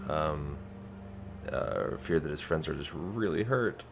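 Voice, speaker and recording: Very deep, gravelly male player. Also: slow, noisy background. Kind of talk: playing a tabletop game.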